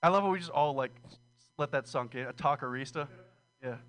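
A man's voice: mid-range voice, fairly quick, a bit bright. A man doing a rambling, profane, self-deprecating stand-up set at an open mic. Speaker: stand-up comedian. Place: small comedy room with audience.

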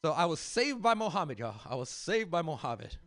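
A man's voice: on the high side, very animated, normal speed, fairly bright tone, no echo, studio quality. A man from South Central Los Angeles doing a stand-up comedy set, talking loosely to the crowd with fillers and restarts and calling them "y'all.". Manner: rambling with many fillers and restarts.

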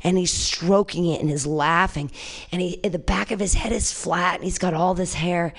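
A woman performing a stand-up comedy set, brash and crude, swinging between shrieked punchlines and low muttered asides. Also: fairly even intonation, moderate pace. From California.

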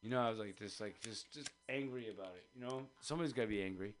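Over music, a man with a lowish voice talks quickly through a long, meandering story on a radio show. He's casual and profane, acting out the voices of the characters he describes.

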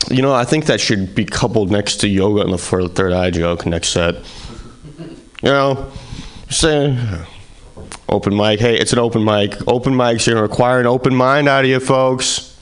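A man's voice: medium pitch, moderate pace, smooth. A man doing a stand-up set at an open mic, wry and self-deprecating, on a stage microphone. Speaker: stand-up comic.

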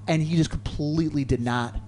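A man co-hosting a radio show in a studio, telling a long story in a rambling, animated way and swearing freely. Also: on the high side, a little fast. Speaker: co-host. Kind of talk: casual storytelling on talk radio.

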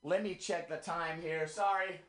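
High, bright-voiced man preaching breathlessly. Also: animated, a little slow. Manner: swings from hushed murmurs to rising revival-preacher exclamations. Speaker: radio host. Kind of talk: impassioned preacher-style monologue.

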